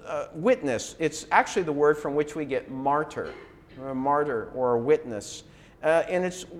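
A middle-aged man preaching in an easygoing, conversational way. His voice sits a little high for a man, and he often checks in with his listeners through rhetorical questions. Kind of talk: sermon.

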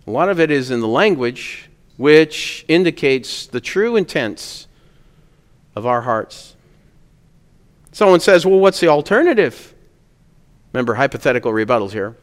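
Male pastor, smooth resonant voice pitched a bit high, earnest sermon delivery, long church reverb. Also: big pitch swings, measured pace, pauses often. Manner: earnest preaching, rising to emphatic peaks on key words.

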